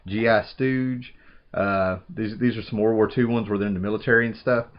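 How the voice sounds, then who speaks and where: A man's voice: lowish voice, steady tone, brisk. A man in his thirties chatting casually while unboxing, rambling with enthusiasm and often saying "man". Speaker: vlogger unboxing a package. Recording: dull lo-fi home recording.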